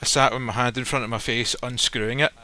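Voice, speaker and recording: A man's voice: mid-range voice, fairly even intonation, fast, sharp tone, no echo. A man casually telling a personal story, blunt and swearing freely, acting out the lines people said. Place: live stream recording.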